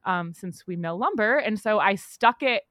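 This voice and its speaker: A woman co-hosting a casual chat, easygoing and quick to laugh, sometimes trailing off quietly. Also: medium pitch, animated, no echo, studio quality. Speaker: podcast co-host, maker.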